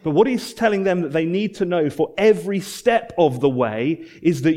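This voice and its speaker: A man preaching a sermon, earnest and emphatic, repeating phrases and dropping to soft, low endings. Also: animated, moderate pace, few pauses.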